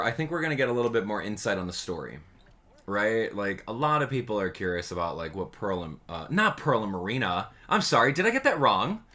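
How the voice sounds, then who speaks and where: A man hosting a live stream, chatting casually and excitably with his viewers and laughing often. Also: mid-range voice. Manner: excitable, animated, laughs often, addresses chat directly. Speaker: livestream host.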